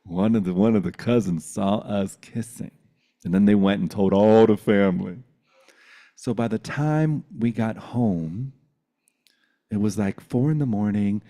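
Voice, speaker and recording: A man's voice: lowish voice, a little slow, mellow. A man in his forties telling a personal story in a reflective, meditative way on a video call, often laughing. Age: 40s.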